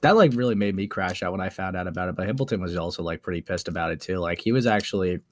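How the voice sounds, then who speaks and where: A man in a casual call conversation, sarcastic and quick to laugh, swearing freely. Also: sits low, dry recording, clean studio sound.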